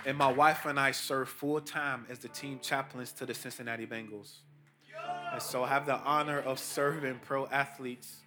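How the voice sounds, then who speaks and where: A middle-aged man, a pastor and team chaplain, preaches a sermon full of casual slang, his emphatic delivery rising high on key points. His intonation is fairly even and his pace moderate, with music in the background.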